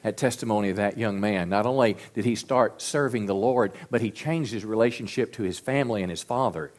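A man preaching a sermon as pastor, earnest and stressing key words slowly. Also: on the low side, a little mellow.

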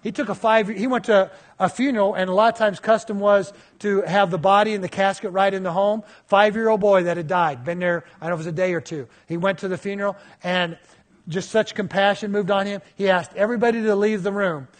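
Male preacher, 50s, high-pitched, animated sermon storyteller. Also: a little fast.

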